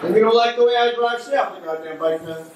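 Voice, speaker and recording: A man doing a brash stand-up comedy set, working the crowd between rapid punchlines. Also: sits high, very noisy. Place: comedy club stage. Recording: echoey club recorded from a distance. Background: audience laughter.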